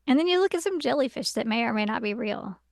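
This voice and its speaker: A woman's voice: on the high side, animated, fast, vocal fry, no room sound, studio quality. A woman co-hosting an anime podcast, adding wry short comments to a casual episode recap. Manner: wry, chiming in with short jokes.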